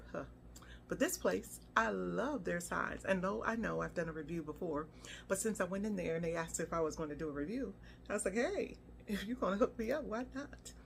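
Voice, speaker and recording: A woman's voice: lowish voice, vocal fry, slight background noise. A woman food vlogger giving a casual, playful review, humming and exclaiming as she tastes. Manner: chatty and playful, hums and exclaims while tasting.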